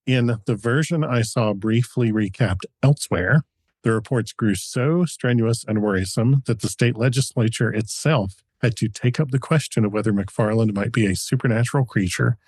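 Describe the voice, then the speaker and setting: A man's voice: lowish voice, darkish tone, breathy edge, no echo. A man co-hosting a podcast, telling a history story in a chatty, researched way with frequent chuckles. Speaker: podcast co-host.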